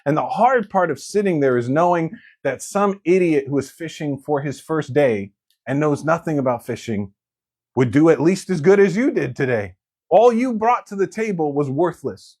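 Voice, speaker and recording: Animated, joking male preacher. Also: a little high. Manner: animated, conversational and joking, acting out quotes. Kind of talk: sermon.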